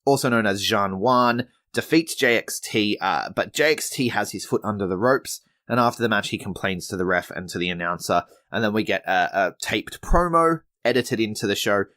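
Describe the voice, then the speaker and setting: A man's voice: lowish voice, lively intonation, normal speed, hardly any pauses, a bit bright. A man hosting a wrestling podcast, recapping episodes in a chatty, laid-back way with frequent restarts. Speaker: podcast host reviewing wrestling shows. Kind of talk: casual recap commentary.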